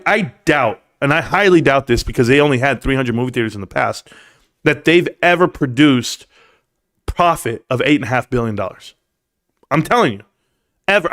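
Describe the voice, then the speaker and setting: A man's voice: fairly high pitch, a bit bright. A man hosting a livestream, ranting sarcastically and with swearing at viewers in his chat. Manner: addresses chat viewers by name. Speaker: livestream host.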